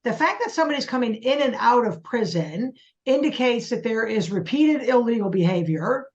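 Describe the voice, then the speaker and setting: A woman forensic psychologist explaining in an interview, listing her points in a clear, explanatory way. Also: fairly high pitch, expressive, moderate pace, dull audio. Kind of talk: expert interview.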